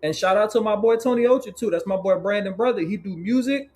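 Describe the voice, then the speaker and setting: Man from Florida, podcast guest, upbeat, repeats himself, a bit high-pitched. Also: fast talker. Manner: upbeat, gives shout-outs, repeats phrases. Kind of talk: casual podcast chat.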